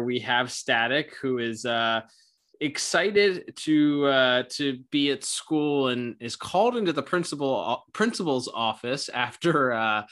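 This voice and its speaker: A man's voice: medium pitch, sharp tone. A man co-hosting a podcast who rambles chattily and laughs easily. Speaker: podcast co-host. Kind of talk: casual podcast review chat.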